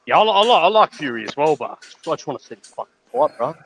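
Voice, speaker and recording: A man's voice: on the high side, big pitch swings, fast talker, vocal fry, fairly bright tone, slight background noise, poor audio. A British man on a livestream panel, chatting casually, stumbling over his words and laughing at his own stories.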